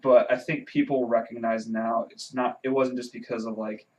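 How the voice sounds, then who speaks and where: A man's voice: mid-range voice, level tone, normal speed, recorded from a distance. A man from New Orleans, a guest on a casual sports podcast, who rambles and repeats words as he thinks.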